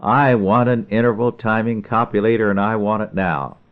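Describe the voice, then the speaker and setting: A man playing a gruff farmer dad who has run out of patience, deep and low. The sound is thin and tinny, like a phone line. He grumbles more than he shouts. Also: normal speed, natural voice. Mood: exasperated. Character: exasperated farmer dad, middle-aged man.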